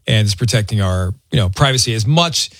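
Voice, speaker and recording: A man's voice: lowish voice, expressive, brisk, fairly bright tone, no room sound, clean studio sound. Playful morning radio host, a man. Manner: playful, teasing, game-show hosting. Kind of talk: casual morning show banter.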